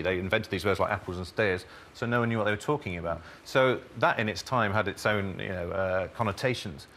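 A man's voice: lowish voice, a bit bright, slight background noise. A man, a studio guest, chatting and explaining things with jokes and asides. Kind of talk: casual studio chat.

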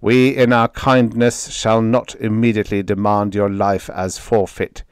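A man's voice: on the low side, flat delivery, measured pace, smooth, dry recording, clean studio sound, close to an everyday voice. A man doing a cold Martian judge. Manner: cold, formal pronouncements. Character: cold, cruel Martian judge via mechanical speaker.

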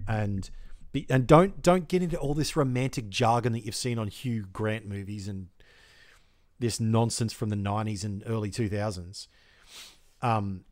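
A young man hosting an advice channel, talking bluntly and directly, swearing freely as he coaches a viewer. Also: medium pitch. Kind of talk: casual advice talk to camera.

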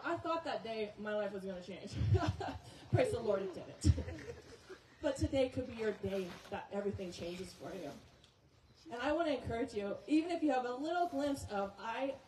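A woman speaking to a church crowd, telling a story in a chatty, laughing way. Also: fairly high pitch. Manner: animated, laughing, chatty with frequent "okay?". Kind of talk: casual storytelling talk to a congregation. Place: outdoor church service. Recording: roomy, distant, with crowd and noise.

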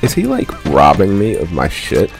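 A man's voice: deep voice, huge pitch swings, moderate pace, gravelly, faint music behind. A man giving irritable, profanity-heavy commentary while playing a video game. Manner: irritable, swears constantly. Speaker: gameplay streamer. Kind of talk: let's play commentary.

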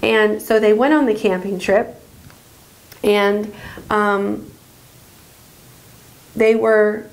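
A woman telling a story to children at church, halting with many fillers. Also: mid-range voice, fairly even intonation, rough recording.

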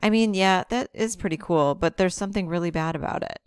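A woman's voice: fairly low pitch, brisk, clear, resonant tone, no echo, clean studio sound, close to an everyday voice. A woman reading aloud and voicing an anxious, earnest teenage boy. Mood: worried. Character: worried earnest teen boy narrator.

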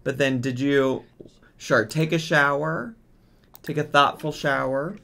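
A man's voice: mid-range voice, steady tone, a little slow, vocal fry, pushed and bright. A man giving casual let's-play commentary as a gaming streamer, exasperated and bossing his game characters around.

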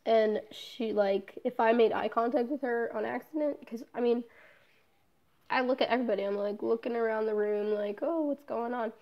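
A woman's voice: fairly high pitch, fairly even intonation, normal speed, muffled recording. A young woman in a casual personal vlog, talking candidly, swearing often and trailing off with fillers. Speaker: vlogger.

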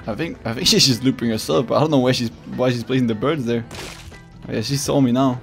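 A man giving casual, excitable gameplay commentary, swearing often and talking to his opponent. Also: medium pitch, fast, gravelly, faint music behind. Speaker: gaming video creator.

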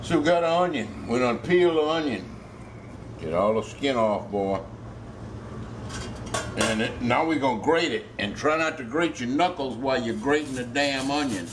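In this casual cooking demonstration, a Cajun-accented Louisiana man cooks at home, cracking jokes in a folksy way and cursing freely as he goes. He sounds expressive, with medium pitch and a moderate pace, over some background noise.

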